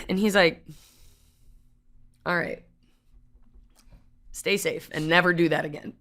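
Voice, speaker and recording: A woman's voice: on the low side, fairly even intonation, a little slow, pauses often, pushed and bright. A woman co-hosting a podcast, casually and candidly telling stories about her past, swearing freely. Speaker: podcast co-host. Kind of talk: casual chat.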